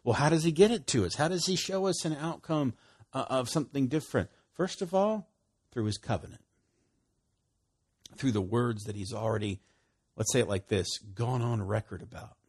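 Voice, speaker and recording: A husky man delivers a sermon in a relaxed, talk-to-you way. His voice rises loud and bright on the emphatic lines, then sinks low and quiet for the tender ones. He laughs often as he goes. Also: normal speed. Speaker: preacher.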